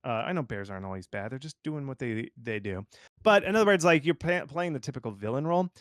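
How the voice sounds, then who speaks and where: A man who is a game marketing consultant, giving casual, animated advice full of "like" fillers. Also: medium pitch, fast talker, no echo, clean studio sound. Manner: animated and informal, lots of fillers like "like". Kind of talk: conversational expert commentary.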